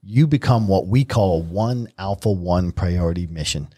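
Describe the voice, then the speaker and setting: A middle-aged New Yorker and retired Marine helicopter pilot, appearing as a podcast guest, tells stories at a normal speed in a deep, husky voice. His conversational storytelling is vivid and animated, with quotes acted out that keep it lively.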